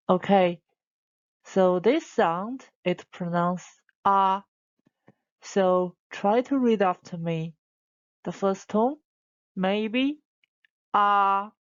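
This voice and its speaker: A woman's voice: mid-range voice, lo-fi sound. A woman teaching Chinese tones and vowels, modeling each sound and asking listeners to repeat after her. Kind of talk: slow, deliberate classroom instruction.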